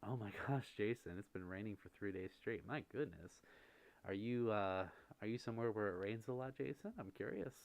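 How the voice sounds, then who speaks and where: A man with a slightly low voice hosts a relaxed ASMR livestream. He reads out viewer messages and answers each one gently. He talks close to the microphone. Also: fairly quick. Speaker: livestream host.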